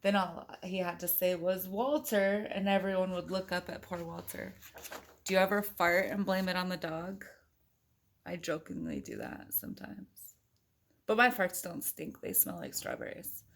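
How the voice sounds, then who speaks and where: Mom reading a kids book out loud, giggly and chatty, lots of little animal noises, creaky voice. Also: female voice, fairly low pitch, fairly even intonation, normal speed. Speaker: parent reading to her children. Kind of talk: reading a picture book aloud with chatty asides.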